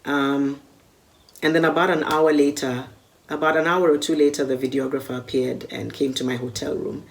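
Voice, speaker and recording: A woman's voice: deep voice, level tone, moderate pace, gravelly. A Kenyan woman recounting a personal story vividly and acting out the dialogue. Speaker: media personality recalling a con.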